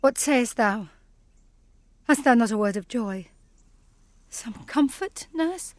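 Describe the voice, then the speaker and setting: A woman's voice: a little high, expressive, slow, no echo. A woman playing a desperate young noble daughter in a classical drama, pleading and anguished. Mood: despairing.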